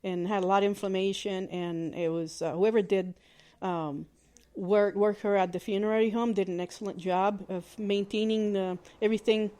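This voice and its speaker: A woman hosting a podcast, telling a personal story in a candid, plainspoken way, with halting restarts and fillers. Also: medium pitch, fairly even intonation, dark tone. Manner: candid and plainspoken, with mild swearing. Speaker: podcast host.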